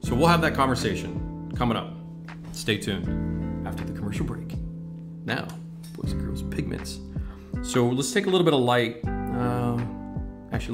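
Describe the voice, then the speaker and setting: A man of middling pitch runs a loose, talkative livestream demo on model painting. He rambles between tangents and swears freely. Music plays clearly under his voice. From United States. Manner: rambling, chatty, swears casually. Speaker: scale-model painting instructor. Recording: music playing clearly behind the voice.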